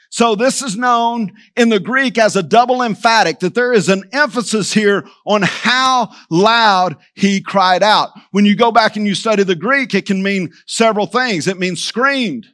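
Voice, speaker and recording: A pastor preaches to his church, and his voice sits high for a man. He drives his points home with repetition, turning again and again to the people in front of him. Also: a bit bright. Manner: preaching with emphatic repetition, addressing the church directly. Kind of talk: sermon.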